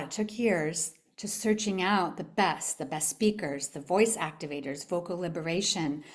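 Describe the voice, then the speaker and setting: Female summit speaker, motivational talk, animated storytelling, asks the audience questions. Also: medium pitch. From California. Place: event room with a live audience.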